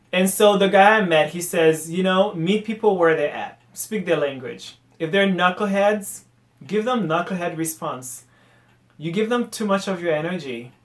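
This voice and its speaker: A man, hosting a casual solo podcast rant, animated and exasperated, sometimes trailing off into muttered asides. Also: sits high, echoey room. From Haiti. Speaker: podcast host.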